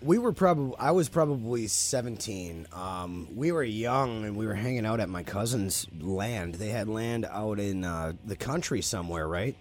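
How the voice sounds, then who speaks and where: A man's voice: on the low side, expressive, moderate pace, hardly any pauses, a little hiss or hum. A man casually telling a spooky story on a podcast, swearing freely and talking animatedly.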